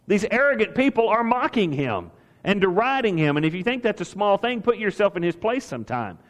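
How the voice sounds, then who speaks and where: A man's voice: high voice, big pitch swings, fairly quick, long reverb tail. A man preaching a sermon as pastor, talking with emphasis and asking his listeners rhetorical questions.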